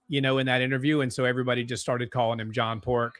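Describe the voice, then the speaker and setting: Excitable man calling a fight live. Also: medium pitch, fast talker, few pauses, no echo. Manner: excitable, gasping at big strikes. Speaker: co-host of a fight watch-along stream. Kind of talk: live fight commentary with chat reading.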